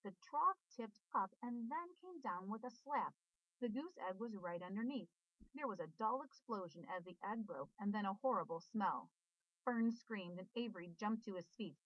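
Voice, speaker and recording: A woman reading a children's storybook aloud in an expressive, sing-song way. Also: medium pitch, normal speed, no room sound. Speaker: storybook reader. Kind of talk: children's book read-aloud. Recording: dull dry recording.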